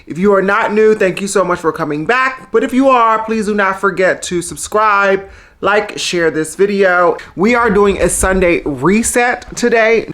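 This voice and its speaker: Chatty, loud-talking transgender woman vlogger. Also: mid-range voice, unhurried. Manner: chatty and animated, tends to talk loudly. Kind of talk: casual vlog chat. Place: indoors at home. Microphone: small microphone on a handheld tripod.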